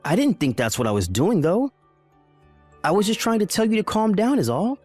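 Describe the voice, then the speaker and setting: A man's voice: sits high, very animated, moderate pace, darkish tone, dry recording, soft background music. A man voicing a bewildered husband who keeps asking alarmed questions. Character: bewildered husband, pleading and confused. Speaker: husband in a text-message story.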